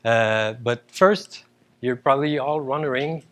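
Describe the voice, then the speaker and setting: A man's voice: mid-range voice, expressive, unhurried, fairly bright tone. A man with a Quebec French accent, a native French speaker, giving a joking, chatty conference talk with many fillers. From Quebec, Canada. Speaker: agile coach, conference speaker. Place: conference stage before an audience.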